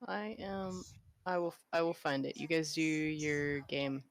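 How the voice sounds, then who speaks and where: A woman's voice: sits low, no echo, clean studio sound. A woman dropping in on friends' game, chatting casually and teasing them. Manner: teasing, unhurried. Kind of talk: casual chat.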